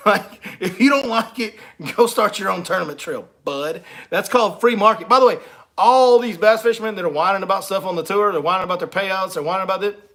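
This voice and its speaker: Man, fishing guide host, casual teasing livestream chat, slightly high voice. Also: a little fast, fairly bright tone. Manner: joking, teasing and laughing between lines.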